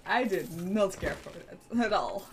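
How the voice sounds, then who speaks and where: Slow-talking Dutch woman streamer. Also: mid-range voice, lively intonation, noisy background. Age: young adult. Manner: playful, chatty, self-mocking. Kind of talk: casual gameplay commentary. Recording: music playing behind.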